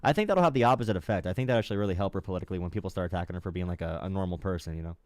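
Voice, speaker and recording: A young man from the Appalachian coal region hosting a live political call-in show, talking fast with many fillers and restarts. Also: sits low, a little mellow, no room sound, clean studio sound. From Appalachian coal region, USA. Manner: rapid, lots of fillers and restarts. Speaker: political talk show host.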